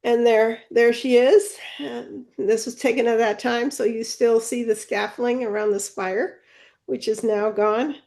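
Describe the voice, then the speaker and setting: A woman with a higher voice and a gravelly edge describes her trip photos. Her tone is warm and mellow, and she talks in a plain, matter-of-fact way. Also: steady tone, unhurried. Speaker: seminar presenter. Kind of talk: casual presentation talk.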